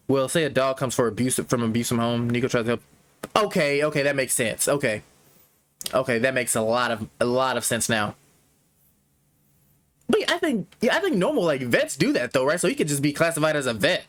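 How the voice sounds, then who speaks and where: A man's voice: medium pitch, lively intonation, a little fast, a bit bright, faint music behind. A man streaming a game reaction, musing aloud in casual rambling commentary.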